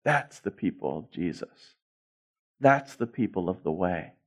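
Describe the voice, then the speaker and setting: A male pastor preaching a sermon, swinging from hushed lines to loud, rising ones and repeating key phrases for emphasis. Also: deep voice, lively intonation, measured pace.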